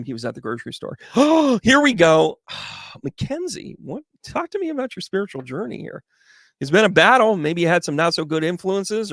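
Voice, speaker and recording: A man doing casual live tarot readings as a medium, chatty and animated, greeting viewers by name. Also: fairly high pitch, vocal fry, dry recording, studio quality.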